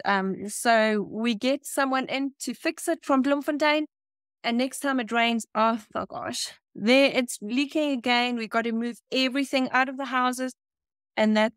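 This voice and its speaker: Woman, from South Africa, high-pitched, dry recording, heartfelt storytelling, laughs often. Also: fairly bright tone, no room sound. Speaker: guest. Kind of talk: storytelling in a faith interview.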